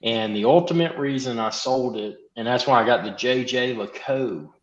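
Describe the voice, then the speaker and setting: A man's voice: mid-range voice, moderate pace. Chatty man on echoey, dull audio. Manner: chatty, explains at length. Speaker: guest on a livestream. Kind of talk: casual chat.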